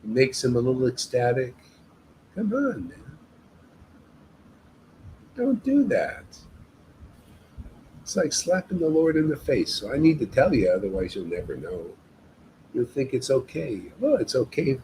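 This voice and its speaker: A man's voice: mid-range voice, darkish tone, slight background noise, poor audio. A man leading a devotional meetup, giving an informal spiritual talk in an emphatic, exhorting way and often addressing listeners as "man".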